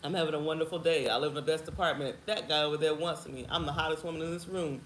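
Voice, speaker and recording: A woman's voice: low-pitched, fairly even intonation, quick pace, roomy sound, a little hiss or hum, close to an everyday voice, low-quality recording. A woman voicing a dramatic, self-confident young woman who is boastful and theatrical.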